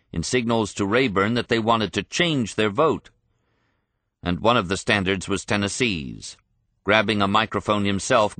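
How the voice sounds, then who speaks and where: Male narrator, deep voice, crisp forceful tone, dry close studio sound, measured audiobook reading. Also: dry recording. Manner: measured, even storytelling.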